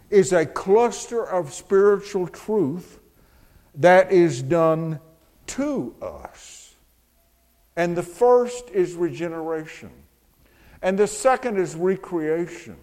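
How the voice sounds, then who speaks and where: A man preaching a sermon, moving from hushed, slow storytelling to soaring, shouted proclamation. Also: fairly high pitch. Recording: long hall reverb.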